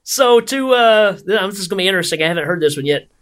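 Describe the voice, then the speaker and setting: A man hosting a movie podcast, chatting casually in an excitable, giggly, rambling way. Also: high-pitched, fast. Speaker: podcast host.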